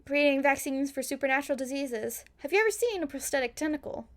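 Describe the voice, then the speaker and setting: A woman voicing a proud, measured chief medical officer. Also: high-pitched, expressive, a bit bright. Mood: boastful. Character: proud male doctor with tentacles.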